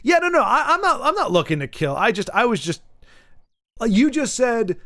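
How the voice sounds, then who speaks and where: A man's voice: very high voice, very animated, moderate pace, sharp tone, dry recording, clean studio sound. A man from Michigan streaming a game, chatting casually with viewers and stumbling over and repeating his words as he rambles. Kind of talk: casual gameplay chat, reading viewer messages.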